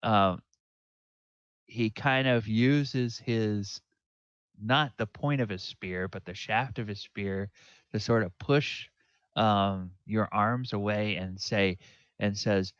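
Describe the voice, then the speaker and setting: Deep-voiced, slow-talking male dungeon master. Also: fairly bright tone, clean tone, no room sound, muffled recording. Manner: halting, many fillers and restarts, musing aloud. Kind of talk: narrating a tabletop game.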